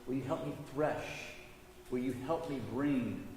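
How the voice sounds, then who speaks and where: Solemn lamenting Jesus, voiced by a man; measured and mellow, long hall reverb, faint noise. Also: mid-range voice, pitched below the performer's own voice, natural voice.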